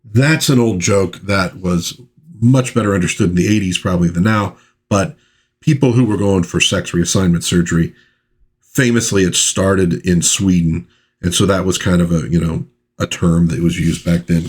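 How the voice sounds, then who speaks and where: A man with a low, deep voice talks through an old comic issue in a loose, easygoing review. He has a husky grain. He rambles with plenty of fillers and reads the dialogue aloud. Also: normal speed. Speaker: pop culture channel host. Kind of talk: casual comic book review.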